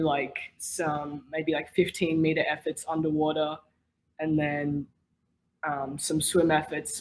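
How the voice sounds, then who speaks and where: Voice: medium pitch, rough recording. A young swimmer answering interview questions in a thoughtful, hesitant way. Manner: thoughtful, hesitant, many ums. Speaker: swimmer on a team.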